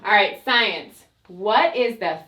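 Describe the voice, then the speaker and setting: A woman teaching a children's grammar class, cheerfully leading the kids through slow call-and-response recitation. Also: medium pitch, expressive, pushed and bright. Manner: cheerful, leads children in repeating lines slowly.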